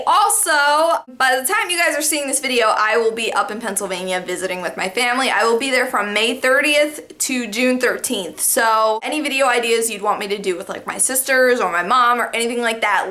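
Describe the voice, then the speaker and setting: Lively, bright-voiced young woman. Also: on the high side. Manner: animated, laughing, lots of "like" fillers. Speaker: YouTuber telling stories. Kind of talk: casual storytime vlog.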